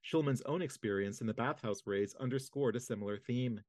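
A man reads a history book aloud in a measured, steady way at a middle pitch. The recording is dry and close, with no room sound. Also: no room sound. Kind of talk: audiobook-style reading.

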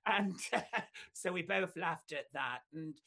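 An older woman, a singer telling long anecdotes in an interview, full of fillers and sudden jumps up in pitch. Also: slow, vocal fry. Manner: rambling storyteller, many fillers, camp asides, pitch leaps up when excited.

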